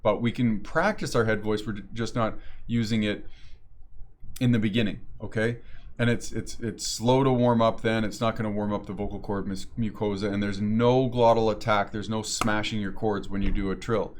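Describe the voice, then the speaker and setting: A man's voice: lowish voice, fairly even intonation, moderate pace. A man coaching voice technique in a casual lesson, explaining with frequent restarts and self-corrections.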